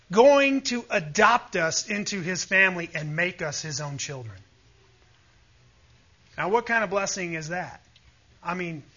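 A man's voice: high-pitched, pushed and bright, breathy edge, lo-fi sound. A man preaching a sermon with emphatic, fervent delivery, often calling out to his listeners for agreement. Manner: emphatic, rising to fervent peaks, asks the audience "Amen?".

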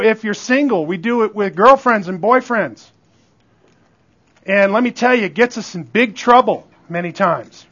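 In a dull, lo-fi recording, a pastor with a high, fairly bright voice preaches a sermon. He keeps it conversational, often calling out to the congregation.

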